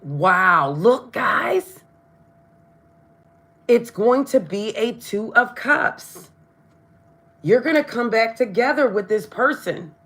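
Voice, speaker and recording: A woman's voice: a little high, animated, slow, pauses often, fairly bright tone. A woman doing a live tarot reading, chatting to her viewers and often stumbling over her words. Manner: chatty, addresses viewers directly. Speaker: tarot reader.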